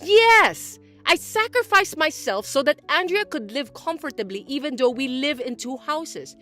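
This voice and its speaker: Woman doing a shrill accusing mother-in-law. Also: fairly bright tone, exaggerated voice. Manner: indignant, accusing and whiny. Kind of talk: scripted story voice-acting.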